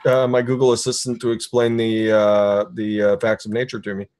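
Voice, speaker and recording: A man's voice: fairly low pitch, completely flat delivery, normal speed, a little mellow, no room sound. Wry hesitant man in casual chat.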